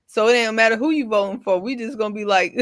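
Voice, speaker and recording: A woman's voice: a little high, fast talker, no echo, studio quality. A woman co-hosting a podcast in casual chat, blunt and opinionated with loose slang. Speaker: podcast co-host.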